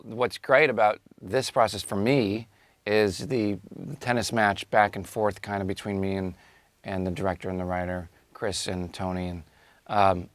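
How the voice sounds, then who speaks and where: Man, low voice, casual and thoughtful, dry close sound. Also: dry recording. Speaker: voice actor interviewee. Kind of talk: interview answers.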